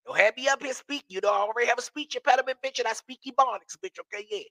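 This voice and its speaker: A man's voice: extremely high pitch, fast, a bit bright, no echo. A man with a Washington, DC accent hosting a live stream, reading viewer comments with brassy, profane, sassy banter.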